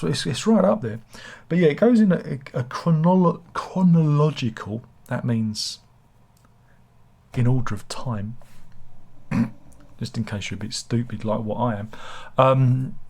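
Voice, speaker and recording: A man chats his way through a casual book review. His voice is husky and rough, and his delivery wanders, mixing sardonic jabs with cheerful self-mockery. The pitch sits in an ordinary middle range. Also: lively intonation, unhurried, a little mellow. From England. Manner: rambling, sardonic and self-mocking. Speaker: book reviewer, channel host.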